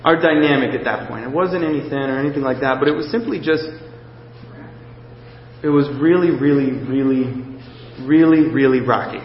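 A man preaching a sermon, telling a personal story in a halting, emotional way with many restarts, close to tears. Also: medium pitch. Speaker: pastor. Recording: echoey hall, dull lo-fi sound, faint noise.

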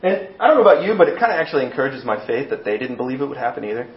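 A man preaching a sermon as pastor, telling the story with lively acted-out voices. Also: medium pitch, racing. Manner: animated storytelling, acting out voices. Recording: echoey room, dull sound.

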